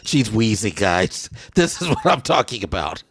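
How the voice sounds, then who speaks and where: A man from Southeast Texas co-hosting a casual talk show, animated and exasperated, with sudden high squeals. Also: moderate pace. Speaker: co-host. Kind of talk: casual podcast banter.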